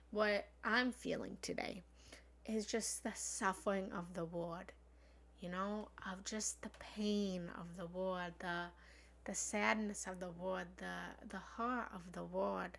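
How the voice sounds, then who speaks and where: A woman's voice: mid-range voice, a little slow, creaky, a bit bright. A woman spiritual love coach speaking earnestly on a live stream, meandering with many fillers as she explains a prayer.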